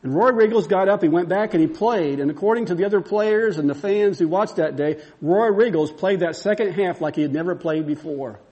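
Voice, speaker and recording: A man's voice: high-pitched, fairly quick, few pauses, dark tone, highs cut off. A man preaching a sermon, telling a story and building to fervent, repeated exclamations.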